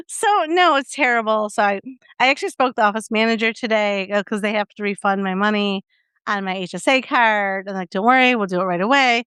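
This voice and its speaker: A woman's voice: mid-range voice, brisk, a bit bright, clean tone, no echo. A young adult woman co-hosting a podcast in casual chat, telling a story animatedly with lots of fillers and acted-out quotes. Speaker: podcast co-host.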